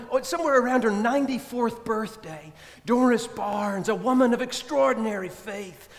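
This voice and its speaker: High-voiced priest preaching in a reverberant church. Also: male voice. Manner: emphatic storytelling with repeated refrains, addressing the congregation. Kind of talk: sermon.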